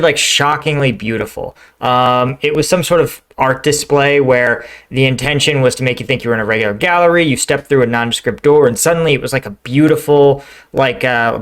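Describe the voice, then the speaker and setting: A man's voice: mid-range voice, a bit bright. A middle-aged man hosting a reaction video, talking casually and acting out quoted lines. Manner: conversational, says "right?" and "like" often, acts out quoted lines.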